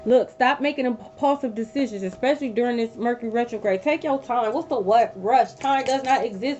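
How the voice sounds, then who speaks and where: Woman tarot reader on a livestream, higher voice, emphatic and profane, slightly muffled phone audio. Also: fairly quick, hardly any pauses, a little mellow. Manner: blunt, profane, emphatic repetition. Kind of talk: live tarot reading. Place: sitting on a bed at home. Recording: dull lo-fi audio with faint hum.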